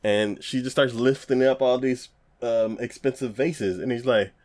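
A man co-hosting a casual chat, retelling an episode with frequent laughter and quick acted-out lines. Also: medium pitch, no room sound. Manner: animated retelling, laughs often, acts out scenes in quick voices. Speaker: podcast co-host reviewing anime.

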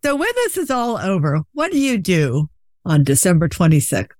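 A woman hosting an interview, enthusiastic and quick to laugh, with short eager reactions. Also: lowish voice, huge pitch swings, darkish tone, no room sound, clean studio sound. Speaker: podcast host. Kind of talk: casual interview.

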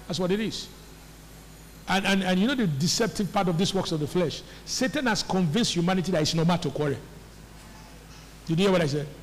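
A man's voice: high voice, animated, a little fast, long pauses, a little hiss or hum. A man preaching a sermon as pastor, often asking the congregation whether they hear him. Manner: call-and-response preaching, repeated questions to the congregation. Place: church hall. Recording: faint echo of a large church hall.

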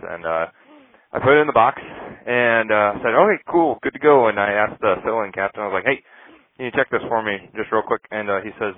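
Brief: male podcast co-host and pilot, lower register, profane and wry, tinny dry line. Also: dry recording. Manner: profane, laughing anecdotes. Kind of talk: casual storytelling chat.

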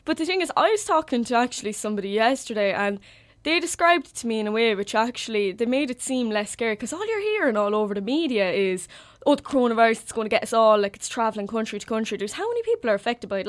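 A woman's voice: a little high, quick pace. Chatty young Irish woman from Carlow. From Carlow, Ireland. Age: young adult. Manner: chatty storyteller, animated quoting. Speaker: student radio host. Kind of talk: casual chat.

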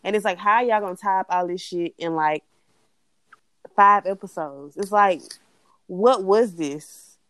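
A young woman co-hosting a casual chat, blunt and animated, swearing freely as she rants. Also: medium pitch, unhurried, long pauses, no echo. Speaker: podcast co-host.

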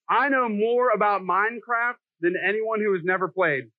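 A middle-aged male pastor with a high voice preaches in a loose, joking, self-deprecating way, talking to the congregation as if chatting. The sound is dry and thin, like a phone line. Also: moderate pace, few pauses, dry recording. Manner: jokey, self-deprecating, conversational. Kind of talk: sermon.

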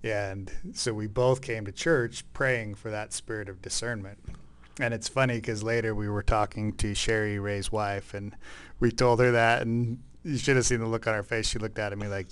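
Brief: male podcast co-host, lowish voice, thoughtful storyteller who pauses to think. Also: steady tone, a bit bright, clean tone. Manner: reflective, thinks aloud with many um's. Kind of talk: casual faith podcast storytelling.

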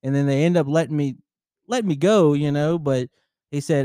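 A man's voice: a little high, brisk, mellow, smooth, no echo. A man co-hosting a casual podcast, telling a story with laughs and lots of swearing, on a close microphone. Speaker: podcast co-host. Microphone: close studio microphone.

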